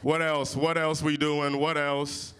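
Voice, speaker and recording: A young man from Oklahoma performing improvised stand-up comedy, loud and brash, cursing and teasing the crowd. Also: fairly high pitch, completely flat delivery, takes it slowly. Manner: loud, brash, playful crowd work with swearing. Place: winery comedy stage before a live audience.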